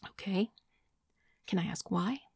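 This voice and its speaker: Hurt, pressing young woman, tense and raised, read by a woman narrator, husky edge. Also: medium pitch, measured pace, no room sound, clean studio sound, full character voice.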